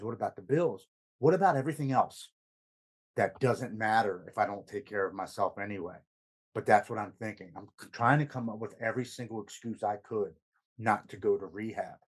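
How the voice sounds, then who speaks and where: A man's voice: fairly low pitch, poor audio. A man, a podcast guest, recounting his recovery story in an earnest, emotional way, stammering over words at times.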